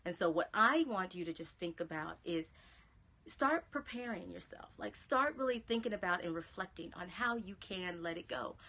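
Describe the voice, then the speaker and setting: A woman's voice: on the low side, animated, moderate pace, sharp tone. A woman with a Southern American accent giving an encouraging live-stream pep talk, chatting to viewers and dropping to a whisper on key phrases. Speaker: motivational speaker. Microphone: phone or webcam live stream.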